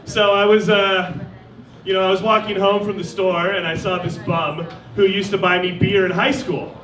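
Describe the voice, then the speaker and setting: A man doing a stand-up comedy set on a stage mic, with a wry deadpan delivery and mock voices for the people he quotes. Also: sits high, normal speed, far from the mic. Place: live comedy venue. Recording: roomy live venue with crowd. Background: audience laughter.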